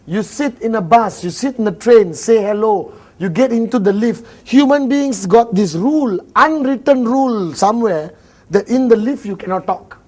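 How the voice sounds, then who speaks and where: High-voiced Malaysian man, joking seminar talk. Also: lively intonation, moderate pace. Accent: Malaysian English. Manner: joking, acts out little dialogues, laughs often. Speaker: motivational speaker. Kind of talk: seminar talk to a live audience. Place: room with a live audience.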